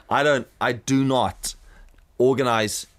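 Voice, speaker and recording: A man of middle pitch co-hosting a casual podcast chat. He rambles from story to story, piling up restarts, and breaks into put-on voices to act out what his friends say. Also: takes it slowly, fairly bright tone. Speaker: podcast co-host.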